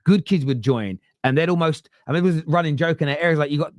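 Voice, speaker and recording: A man hosting a casual football fan podcast, talking in an animated way and often tripping over his words. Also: fairly high pitch, quick pace, dry recording, clean studio sound. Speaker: podcast host.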